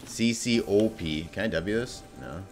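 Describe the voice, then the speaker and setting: A man giving live gameplay commentary, excitable and profane, breaking into sudden yells. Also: lowish voice, measured pace, over music. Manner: excitable, swearing, bursts into yelling. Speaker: gameplay streamer.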